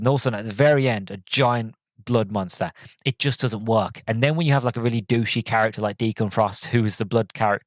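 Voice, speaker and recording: A man's voice: medium pitch, no echo. A man hosting a podcast, reviewing a film in a rambling, casual way full of fillers and self-corrections. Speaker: podcast host.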